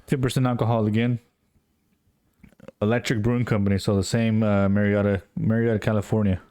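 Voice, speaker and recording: A man's voice: on the low side, little pitch movement, a little fast, mellow, clear, resonant tone. A man co-hosting a casual podcast, reading out beer labels in a laid-back way. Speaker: podcast co-host. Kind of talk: casual chat.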